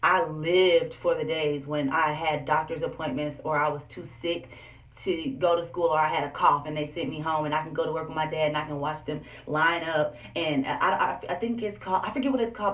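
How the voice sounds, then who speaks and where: A woman's voice: deep voice, brisk, distant mic. Candid young woman vlogging in an echoey room. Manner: animated, candid, talks straight to viewers. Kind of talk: personal storytelling vlog. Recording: echoey room, voice set back from the mic.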